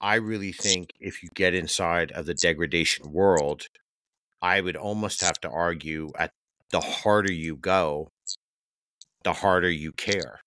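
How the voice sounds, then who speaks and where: A man's voice: low-pitched, measured pace, sharp tone, no echo. A man hosting a podcast, talking candidly and emphatically in casual conversation. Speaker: podcast host.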